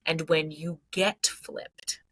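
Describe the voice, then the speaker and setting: A middle-aged woman psychologist from Canada, talking energetically on a podcast and breaking into loud acted outbursts. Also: low-pitched, slow pace, breathy edge, no room sound, low-quality recording. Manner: animated storyteller, swings into loud acted outbursts. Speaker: psychologist guest.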